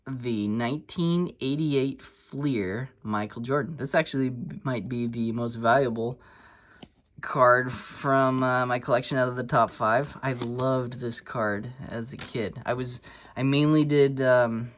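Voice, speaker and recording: A man's voice: mid-range voice, a little slow, slight background noise. Man, thirties, easygoing card-collecting vlogger, rambling and self-deprecating delivery. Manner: relaxed and rambling, with many fillers and restarts. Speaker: sports card collector and channel host. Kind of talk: casual storytelling vlog.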